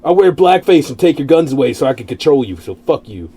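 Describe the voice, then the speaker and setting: A man's voice: mid-range voice, big pitch swings, fast talker, dark tone, breathy edge, pitched below the performer's own voice. A man putting on a crude, defiant male national leader in a joking impression. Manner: crude, swaggering mockery.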